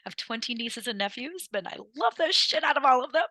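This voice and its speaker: A woman's voice: high-pitched, expressive, fast, pushed and bright, no room sound, low-quality recording. A young adult woman hosting a podcast, talking candidly in a casual, profane style full of "like" fillers. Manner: casual, swears freely, lots of "like" fillers. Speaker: podcast host. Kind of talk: candid personal podcast monologue.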